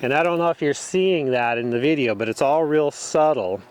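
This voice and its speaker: Clear-voiced man teaching horse work. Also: a little high, moderate pace. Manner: relaxed, talks the viewer through each step. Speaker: horse trainer. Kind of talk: casual instruction while working a horse.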